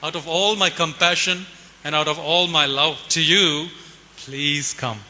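Male speaker doing a high, syrupy storybook crocodile, scheming and coaxing. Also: steady tone, bright, forceful tone. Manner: sweet, coaxing, drawn-out. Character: sly smooth-talking crocodile luring a goat. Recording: hiss and long hall reverb.

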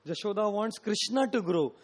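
Male preacher, somewhat high-pitched, emphatic devotional sermon delivery, repeats key phrases. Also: expressive, normal speed, rough recording. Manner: emphatic, repetitive, swelling and dropping in loudness.

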